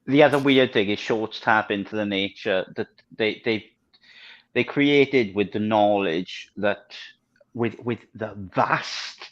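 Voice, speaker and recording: A man's voice: on the low side, slow pace. A man with a Welsh accent chatting casually on a video call, talking readily and laughing often. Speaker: panelist. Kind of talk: casual chat. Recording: slightly muffled lo-fi audio.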